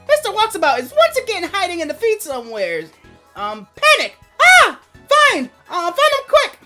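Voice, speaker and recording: A man in a pinched falsetto voicing a peppy, teasing female streamer who runs a gym in a video game. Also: wildly swooping pitch, normal speed, bright, forceful tone, soft background music, heavily acted.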